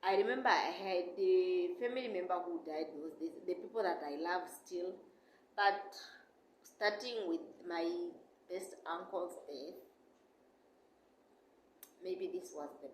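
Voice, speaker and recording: A young woman vlogger chatting casually and emotionally, rambling and calling her viewers "guys". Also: on the low side. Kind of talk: casual chat. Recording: echoey room with faint noise.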